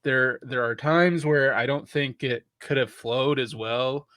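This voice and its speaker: A man's voice: mid-range voice, fairly even intonation, a little slow, bright, forceful tone, no echo. A man co-hosting a podcast, chatting casually about a film with lots of restarts and the odd curse word. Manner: rambling with many restarts and casual swearing. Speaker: podcast co-host. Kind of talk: casual film review chat.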